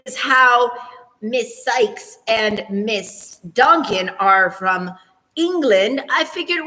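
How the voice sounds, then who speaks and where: A woman's voice: a little high, expressive, very slow, bright, forceful tone, big-room sound. A woman teacher running a playful morning meeting for children, humming little tunes and teasing herself as she goes. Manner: playful, self-teasing, hums and sings little transition tunes.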